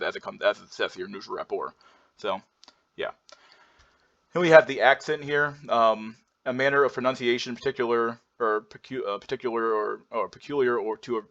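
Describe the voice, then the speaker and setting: Guy talking fast thru his slides, um-ing and restarting a lot, kinda muffled lo-fi audio. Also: on the low side, pushed and bright. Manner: rambling, filler-heavy, frequent restarts. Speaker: presenter going through slides. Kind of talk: casual lecture over slides. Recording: dull lo-fi sound.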